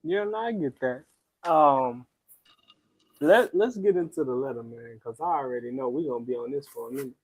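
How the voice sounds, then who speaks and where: A man's voice: mid-range voice, moderate pace, a little mellow, slightly rough, dry recording, poor audio. Laid-back man hosting a podcast. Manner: laid-back, teasing, reads listener letters aloud. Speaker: podcast host. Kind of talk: casual group chat.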